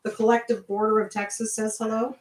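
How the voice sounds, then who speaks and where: A woman helping out off-camera on a livestream, reading viewer greetings aloud in a relaxed, dry way. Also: fairly high pitch, a little fast. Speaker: co-host reading chat. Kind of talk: casual livestream chat. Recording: echoey room, off-mic and distant, noisy.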